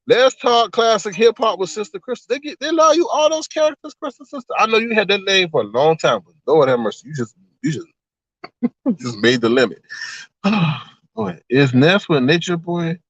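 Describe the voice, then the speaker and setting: A man's voice: sits high, moderate pace, no room sound, lo-fi sound. A man hosting a livestream, chatting casually to his viewers about online drama and acting out the exchanges he quotes. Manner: animated storyteller who acts out quoted exchanges. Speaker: livestream host. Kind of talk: casual gossip commentary to a live chat.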